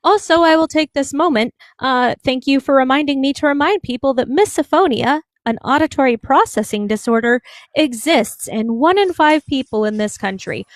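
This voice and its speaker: A woman's voice: high voice, lively intonation, moderate pace, no echo, clean studio sound. A woman hosting a live online debate panel, blunt and sarcastic, scolding callers on a home microphone. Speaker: livestream host.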